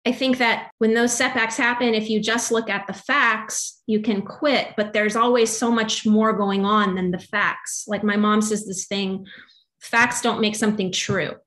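Woman, young adult, guest musician, chatty, rambling, filler-heavy, animated. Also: medium pitch, a little slow. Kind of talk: casual faith conversation.

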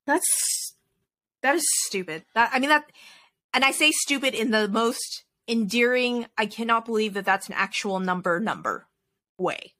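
Chatty bright-voiced woman podcaster. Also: a little high, expressive, normal speed. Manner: chatty, laughing, rambling restarts. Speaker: podcast co-host. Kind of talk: casual sports chat.

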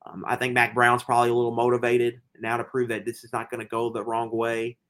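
A man's voice: mid-range voice, monotone, quick pace, a bit bright. A man co-hosting a casual sports betting chat, rambling along with many fillers and restarts. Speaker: podcast co-host.

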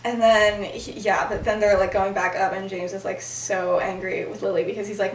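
A woman's voice: mid-range voice, steady tone, normal speed, a little hiss or hum. A young woman retelling a story to a friend on a podcast, chatty and full of "like" fillers, laughing as she goes. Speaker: podcast host. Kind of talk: casual storytelling. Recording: roomy sound from far off.

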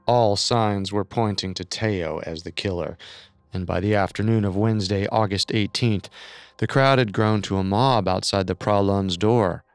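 Low, smooth-voiced male narrator. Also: normal speed, dry recording. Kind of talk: scripted true-crime narration.

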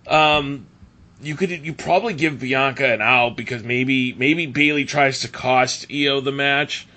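A man co-hosting a casual wrestling podcast, talking in an animated way, laughing often and restarting his sentences. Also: medium pitch, unhurried. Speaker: podcast co-host.

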